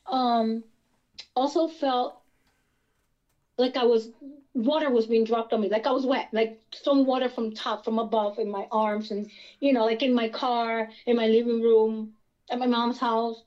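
A woman from Pennsylvania telling her own experiences in a casual interview, animated and rambling with many restarts. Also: on the high side, unhurried, highs cut off. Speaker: guest experiencer.

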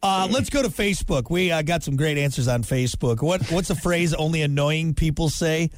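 A man co-hosting a radio talk show, loud and brash, mock-threatening and laughing as he jokes. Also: a little fast, no room sound. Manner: laughs a lot, mimics people in high voices. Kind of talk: casual banter.

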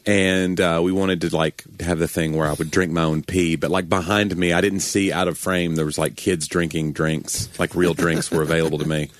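A man with a fairly low voice, chatting and joking on a church podcast. He laughs often and acts out quotes. The sound is close and dry, with no room echo. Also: level tone, normal speed, hardly any pauses. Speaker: podcast co-host, church staff. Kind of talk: casual chat.

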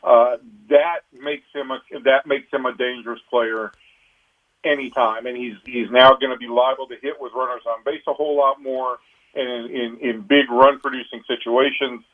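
A man's voice: medium pitch, fairly even intonation, normal speed. A man, a baseball reporter, analyzing a player in a radio phone interview, often restarting his sentences. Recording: tinny phone line.

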